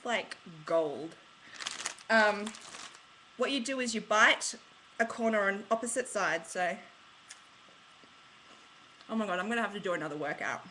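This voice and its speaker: An Australian woman vlogs in a loose, chatty way, full of slang and rambling asides. Her voice has a very bright, clear edge, with a faint hiss sitting quietly underneath. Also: medium pitch, low-quality recording. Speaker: vlogger. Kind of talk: casual chatty vlog.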